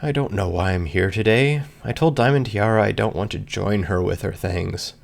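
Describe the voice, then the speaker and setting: A man with a gravelly voice reading a first-person story aloud in an earnest, emotional way. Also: on the low side, normal speed. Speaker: reader. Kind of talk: scripted fan fiction narration.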